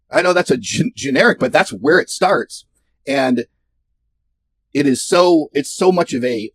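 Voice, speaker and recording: Sarcastic male software promoter with a fairly high voice, ranting to camera and swinging his pitch all over. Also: dry recording. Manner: animated, sarcastic, mocking. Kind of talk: ranting direct-to-camera talk.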